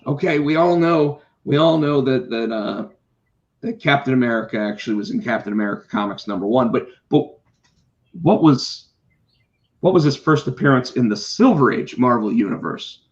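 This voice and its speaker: Animated storytelling man, lo-fi sound. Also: mid-range voice, moderate pace. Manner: animated, swears, acts out quotes. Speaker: podcast co-host, comic book artist. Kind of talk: casual storytelling chat. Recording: slightly dull lo-fi sound.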